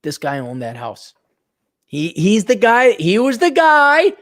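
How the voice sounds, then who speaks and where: A man's voice: high-pitched, wildly swooping pitch, unhurried, no echo, studio quality. A middle-aged man, rambling and mocking as he chats casually with viewers on a livestream. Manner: rambling, mocking, jumps into loud mock voices. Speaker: livestream host.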